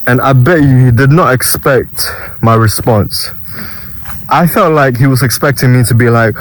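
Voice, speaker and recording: A man's voice: mid-range voice, normal speed, rough recording. A young man vlogging about self-improvement, telling a casual story with many restarts and quoted voices.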